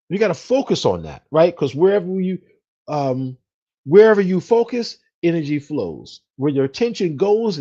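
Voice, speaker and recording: In a husky, slightly mellow voice on the high side, a man hosting a finance podcast offers a laid-back pep talk. As a financial specialist, he repeats himself, says "right?" often and leans on many fillers. The sound is lo-fi.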